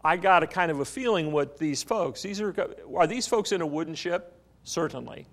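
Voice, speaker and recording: A man's voice: a little high, expressive, normal speed, fairly bright tone. A man preaching a sermon, telling a story and asking the congregation questions. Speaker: pastor.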